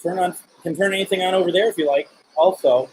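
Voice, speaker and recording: Paranormal stream host, male, fairly high voice, patient and coaxing, faint hiss behind. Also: fast talker, darkish tone, rough recording. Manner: patient, coaxing, politely pleading with spirits. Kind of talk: live spirit box session, addressing spirits.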